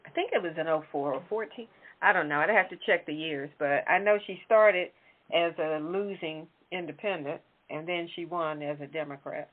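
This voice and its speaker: A woman's voice: sits low, normal speed. A woman hosting a talk show, chatting casually and correcting herself as she goes. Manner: conversational, self-correcting. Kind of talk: casual political chat. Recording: tinny phone-like line.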